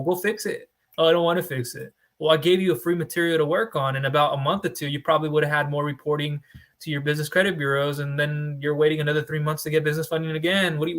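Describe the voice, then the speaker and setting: A man's voice: on the high side, a bit bright. A young man, a small business funding broker, giving blunt tough-love advice straight to camera and firing off rhetorical questions. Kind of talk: direct-to-camera advice talk.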